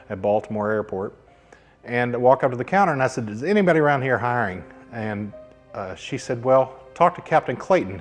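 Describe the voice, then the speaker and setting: A man, a pilot, telling stories from his career in a casual interview and acting out the quoted dialogue. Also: lowish voice. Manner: anecdotal, acts out quoted dialogue.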